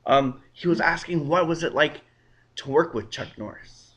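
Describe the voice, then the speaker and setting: A man's voice: a little high, fairly bright tone. A man interviewing a guest, agreeable and encouraging, with frequent short affirmations. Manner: agreeable, encouraging, quick backchannels. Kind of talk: casual interview.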